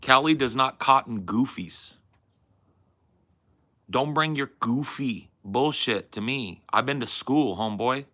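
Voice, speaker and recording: Young male streamer, heated profane rant, tense bright tone. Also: mid-range voice, animated, slow. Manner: combative, mocking and profane. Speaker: stream host arguing with chat.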